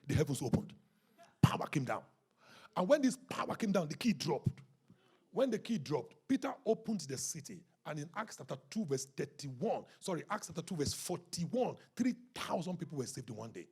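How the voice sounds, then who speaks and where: Pastor guy preaching quick, gravelly husky voice, kinda high pitched. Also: very animated. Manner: swings between low, hushed talk and loud shouting; acts out voices of others; prays in tongues mid-sermon. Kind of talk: sermon.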